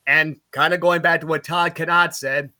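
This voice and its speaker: Telling road stories on a laid-back podcast, the upstate New York broadcaster, a middle-aged play-by-play man from Utica, speaks at a normal pace with a slightly high voice. He becomes animated and booming at each punchline.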